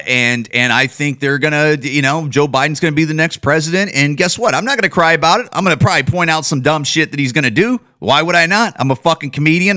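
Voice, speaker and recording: A man's voice: a little high, sharp tone. A man who is a comedian and podcast host, ranting bluntly and profanely in a casual monologue, often restarting his sentences.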